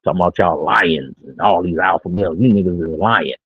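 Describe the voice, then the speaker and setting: Deep and slightly rough, the voice of a middle-aged streamer comes brisk over a tinny, phone-like line with no room sound. Sitting in his own small studio, he delivers dating talk as a casual monologue in brash, boastful street slang.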